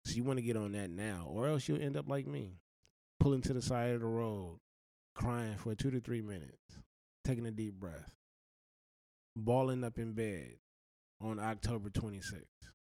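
A man's voice: fairly low pitch, normal speed, dark tone, dry recording. A man giving earnest, blunt life advice in a slangy, heartfelt monologue.

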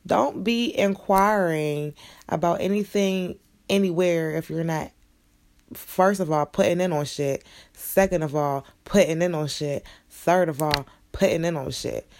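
A woman's voice: on the low side, moderate pace, darkish tone. A young woman ranting bluntly and profanely in a casual monologue. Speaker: vlogger.

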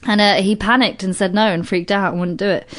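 A British woman in her thirties, a comedian guest in casual podcast chat, animated and swearing freely. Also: mid-range voice, fast. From Britain. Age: 30s. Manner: animated, swears freely, acts out quoted voices.

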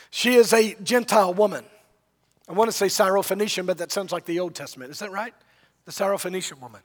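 A man preaching in a large hall, with a voice pitched very high for a man. He tells the story with drama and acts out each speaker in turn. A long reverb trails every phrase. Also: fast. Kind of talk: sermon.

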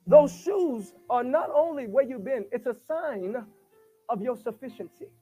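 A man preaching a sermon. He swings between shouted bursts and hushed asides, stuttering on repeated words and calling for replies. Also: very high-pitched, expressive, unhurried, faint music behind.

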